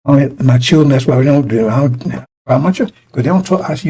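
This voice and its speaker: A man's voice: medium pitch, animated, quick pace, warm tone, breathy edge, poor audio. A middle-aged man preaching informally to his congregation, blunt and profane, rambling through personal stories with many restarts.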